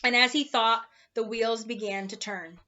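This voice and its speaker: A woman reads a children's storybook aloud, expressive and animated. Her voice is bright and a bit high, and the recording is dull and lo-fi. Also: moderate pace. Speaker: narrator.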